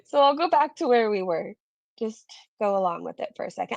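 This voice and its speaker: A woman streamer talks in a loose, chatty way, reading out viewer comments and tossing in blunt asides. Her voice has a gravelly fry at mid pitch, and the sound is dry and close. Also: expressive, brisk, a little mellow, no room sound. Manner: chatty, reads viewer comments aloud, frequent swearing and laughs. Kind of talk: casual live-stream commentary.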